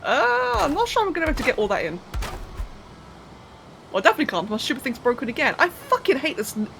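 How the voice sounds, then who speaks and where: A woman's voice: sits high, sing-song, fast talker, gravelly, a bit bright, a little hiss or hum, poor audio. A young woman live-streaming a game, thinking aloud as she builds, counting under her breath and chatting to viewers with casual swearing. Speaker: livestreamer.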